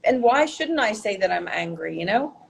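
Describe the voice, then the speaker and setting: A woman who works as a healer, talking as a podcast guest in an animated, expressive way, laughing often and her pitch jumping up. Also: normal speed, gravelly, a little hiss or hum, low-quality recording. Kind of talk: conversational interview.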